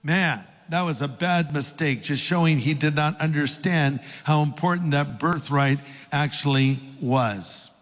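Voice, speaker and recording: A man's voice: on the high side, a little slow, hardly any pauses, fairly bright tone. An older man and pastor preaching a sermon, telling stories with folksy, self-deprecating humor. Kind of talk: sermon with storytelling. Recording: long hall reverb.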